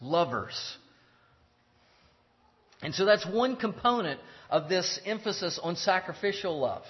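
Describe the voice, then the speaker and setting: A man giving a measured theology lecture, explaining step by step with pauses and restarts. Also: sits high, lively intonation. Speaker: teacher. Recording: dull lo-fi sound with long hall reverb.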